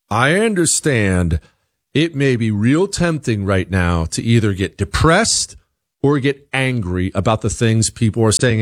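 A middle-aged man delivering an opinion monologue as a commentator, animated and leaping up in pitch when he quotes others. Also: dry recording, studio quality. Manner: animated, jumps high in pitch for quoted voices.

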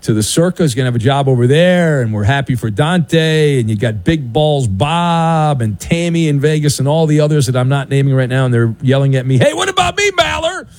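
A man's voice: mid-range voice, fairly quick, hardly any pauses, darkish tone, no room sound. A man hosting a sports talk radio show in a studio, delivering a sardonic, theatrical monologue with swooping announcer flourishes. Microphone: studio broadcast mic.

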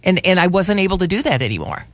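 A man in his sixties hosts a talk radio show on a studio mic, with a dry recording and a high, slightly bright voice that's very animated and quick. He chats casually, telling stories with many restarts.

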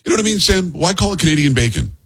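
Middle-aged male radio host, quick husky delivery, jokey banter. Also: a little high, animated. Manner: fast, chatty, joking. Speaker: radio talk show host.

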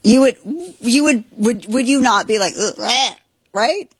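A woman in her forties from Missouri hosting a casual talk show, telling stories in an animated, chatty way. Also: fairly high pitch, normal speed, husky, no echo. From Missouri, USA. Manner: animated storytelling with frequent laughs. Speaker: host. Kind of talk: casual chat.

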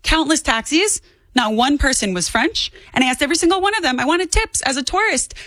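Fast-talking emphatic young woman. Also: sits high, animated, fairly bright tone, dry recording. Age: 20s. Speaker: guest. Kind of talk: political talk radio chat.

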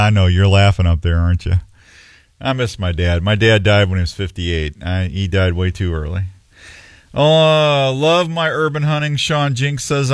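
A middle-aged radio show host chats casually on air in a rambling, folksy, self-mocking way. His medium-pitched voice is smooth, recorded with studio quality and no echo.

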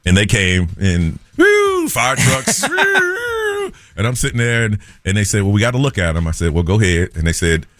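A man, a morning radio host telling a story in an animated way and acting out the people in it. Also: low voice, fairly quick, few pauses, dry recording. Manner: animated storyteller, acts out quoted voices.

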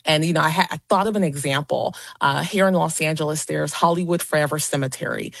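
A woman who investigates paranormal sites, a guest on a radio talk show, answering in an animated, expressive way with some halting restarts. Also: low-pitched, vocal fry, no room sound. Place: Los Angeles.

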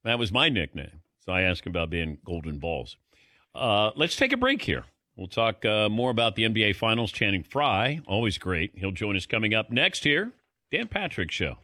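A man's voice: fairly low pitch, sing-song, pushed and bright, no room sound, studio quality. A man hosting a sports radio talk show, easygoing and jokey. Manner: easygoing, jokey, quick to laugh. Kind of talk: casual sports radio chat.

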